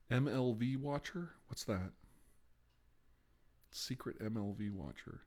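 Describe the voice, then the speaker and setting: A man's voice: on the low side, a little slow, pauses often. A man hosting an ASMR live stream, rambling in casual chat with frequent laughs and sighs.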